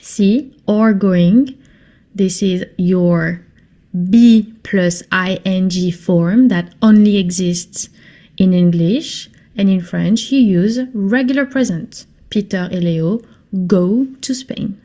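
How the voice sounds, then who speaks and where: A woman teaching a French lesson in English, speaking slowly and patiently and repeating phrases for her learners. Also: mid-range voice, mellow. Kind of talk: slow classroom lesson.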